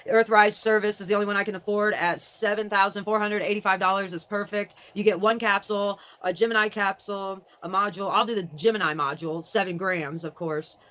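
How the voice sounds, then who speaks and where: Speaking briskly with few pauses at a medium pitch, an adult vlogger who has a grown daughter talks casually and reads from a website. The talk wanders, interrupts itself and moves back and forth between excitement and grief.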